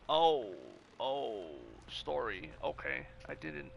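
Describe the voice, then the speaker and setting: A man's voice: fairly high pitch, lively intonation, normal speed, vocal fry, bright, forceful tone, slight background noise. A man casually commenting on a game he plays, rambling and profane, often restarting his sentences. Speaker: gamer. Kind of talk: gameplay commentary.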